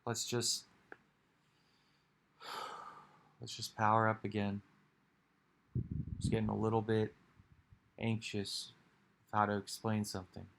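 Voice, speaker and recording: A man's voice: on the low side, completely flat delivery, slow pace, creaky, pauses often, fairly bright tone, a little hiss or hum. A man giving a rambling, reflective monologue for his video, musing aloud with sighs and restarts. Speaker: video creator.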